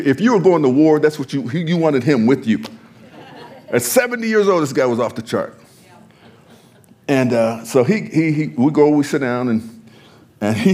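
A pastor telling a story in conversation, animated, often laughing and repeating his words. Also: medium pitch.

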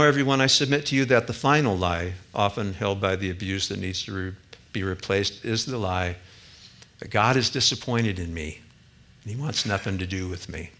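A man preaching a sermon as a pastor, earnest, rising to emphatic peaks and dropping quiet again. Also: lowish voice.

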